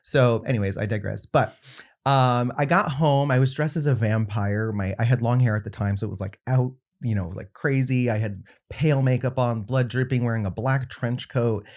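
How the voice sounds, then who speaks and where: A young adult man guesting on a podcast tells a personal story in an easygoing, conversational way, at a moderate pace. His mid-range voice shifts as he animatedly acts out the quotes of the people in his tale.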